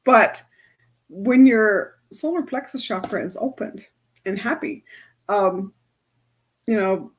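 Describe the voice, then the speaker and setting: A woman's voice: medium pitch, slow pace, pauses often, slightly rough. A woman energy healer chatting casually to her followers, telling stories and laughing often.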